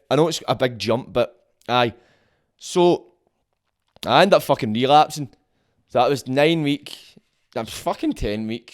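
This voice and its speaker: A man with a Glaswegian Scottish accent, hosting a podcast as a casual solo monologue, blunt, sweary and rambling. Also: mid-range voice. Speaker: podcast host.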